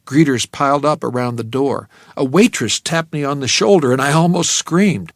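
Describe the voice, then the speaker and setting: A male narrator with a gravelly, fry-edged voice, reading a first-person novel in a measured, tense way. His pitch sits in the middle range, and the recording is close and dry, with no room sound at all. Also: dry recording. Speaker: audiobook narrator.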